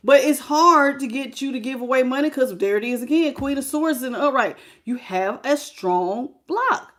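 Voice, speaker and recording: A woman, giving a lively, sassy live tarot reading straight to the viewer. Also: sits high, moderate pace. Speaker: tarot reader.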